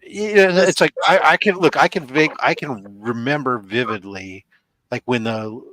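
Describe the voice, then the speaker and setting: A man's voice: mid-range voice, normal speed, fairly bright tone, no room sound. Rambling chatty man on a video call. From California. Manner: chatty, rambling, explains with asides. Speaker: podcast host. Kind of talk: casual panel chat.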